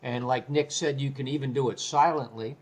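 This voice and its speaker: An older man, a guest on an interview show, telling stories in a lively, casual way. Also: mid-range voice, brisk. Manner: animated, repeats words while telling stories.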